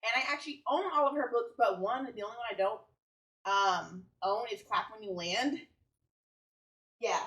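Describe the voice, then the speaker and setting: Woman book vlogger, casual rambling chat, mid-pitched, recorded off-mic in an echoey home room. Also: normal speed, pauses often, fairly bright tone. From United States. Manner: chatty, rambling, enthusiastic, self-correcting. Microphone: camera a little way off. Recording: roomy sound from a distant mic.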